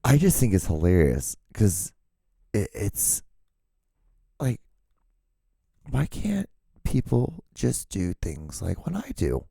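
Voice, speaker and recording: A man hosting his own show in a casual, rambling monologue, with a hoarse, cracking voice. He swears freely and his voice jumps high when he gets worked up. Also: slow, pauses often, dry recording, clean studio sound. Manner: profane, excitable, voice jumps high when ranting. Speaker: podcast host. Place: home setup with lights and camera. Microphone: studio microphone.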